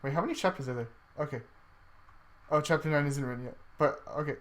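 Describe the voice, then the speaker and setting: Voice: mid-range voice, quick pace. Swearing casual story reader. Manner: joking and swearing, stumbles over the text. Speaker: reader of a homemade game story. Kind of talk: casual reading aloud of a story among friends.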